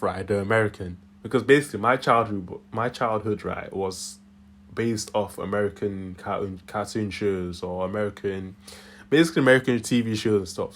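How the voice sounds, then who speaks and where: A man's voice: lowish voice, fairly bright tone. A young man with a Yorkshire accent tinged with Nigerian, rambling through casual solo commentary from his room, chuckling often. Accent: Yorkshire English with a Nigerian tinge. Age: young adult. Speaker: channel host.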